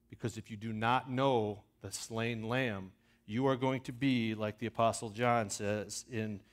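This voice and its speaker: A man, a missions pastor, speaking to his church in a sermon, moving from easy asides to fervent, emphatic passages. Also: on the low side. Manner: earnest, builds to loud emphatic scripture reading; conversational with restarts and asides.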